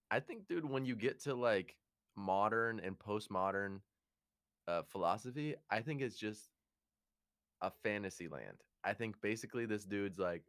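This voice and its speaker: A man's voice: fairly low pitch, moderate pace, a bit bright, no echo, clean studio sound. A man co-hosting a casual comedy podcast, talking in a laid-back way and saying "dude" and "like" a lot. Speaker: podcast co-host. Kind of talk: casual chat.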